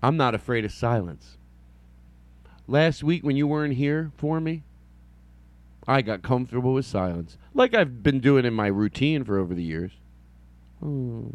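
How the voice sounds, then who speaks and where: Rambling, lively-voiced male podcast host. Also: medium pitch, normal speed, long pauses, dry recording. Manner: meandering, self-mocking, playful silly voices. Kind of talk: rambling improvised solo podcast.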